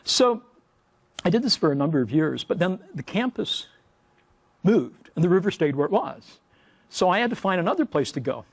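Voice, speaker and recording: Wry, slightly high-voiced male lecturer. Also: very animated, moderate pace, pauses often, husky. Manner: wry storytelling with playful sound effects. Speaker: university professor giving a lecture. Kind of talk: humorous lecture. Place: lecture hall at a podium.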